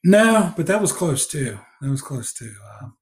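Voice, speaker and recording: A man's voice: fairly high pitch, sing-song, moderate pace. A man hosting a podcast in a casual, rambling chat full of fillers. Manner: rambling, many fillers and restarts. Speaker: podcast host.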